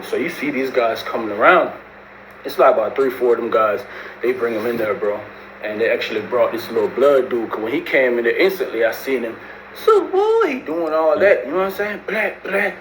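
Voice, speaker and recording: A man spins a long story in loose, slangy speech. He keeps slipping into the voices of the people he quotes. The recording has a roomy echo and a faint hiss of background noise. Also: medium pitch. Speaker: storyteller recounting prison life. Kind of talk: casual storytelling.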